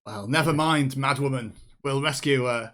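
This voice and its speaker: A man playing a tabletop game, playful and halting, with many restarts. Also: mid-range voice, pushed and bright. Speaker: player. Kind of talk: tabletop role-play chat.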